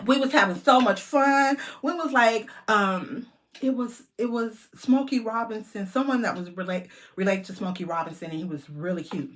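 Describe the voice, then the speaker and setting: A middle-aged woman vlogger telling a lively story to her viewers, chatty and animated. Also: mid-range voice, moderate pace.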